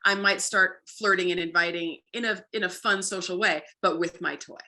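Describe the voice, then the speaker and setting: Woman, dog trainer guest, casual chat, bright forceful tone, lively, lots of "like". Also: on the low side, moderate pace. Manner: lively, acts out playful bits with frequent "like". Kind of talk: casual conversational explaining.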